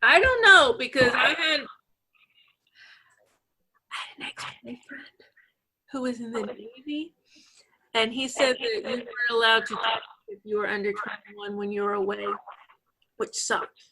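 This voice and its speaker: A woman from Georgia hosting a casual group chat on a video call, telling stories in a chatty, animated way. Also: on the high side, measured pace, pauses often, slightly rough, low-quality recording. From Savannah, Georgia, USA. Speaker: host.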